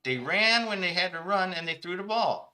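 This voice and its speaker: A man doing a stammering, high-voiced sports pundit. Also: lively intonation, moderate pace, sharp tone, heavily acted. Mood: eager. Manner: stumbling repetitions, keeps addressing the listener by name. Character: stammering, over-eager male sports pundit.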